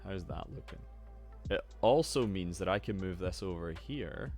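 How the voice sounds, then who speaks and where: A young man hosting a casual live stream, excitable, swearing freely and greeting his chat. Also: low-pitched, moderate pace. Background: faint lo-fi music.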